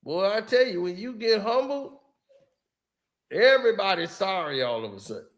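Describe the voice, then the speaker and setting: Brief: lively male guest, upper-pitched voice, slangy, laughs through his stories. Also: moderate pace. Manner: animated, laughs often, slangy storytelling. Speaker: guest, former basketball player. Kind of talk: casual podcast chat.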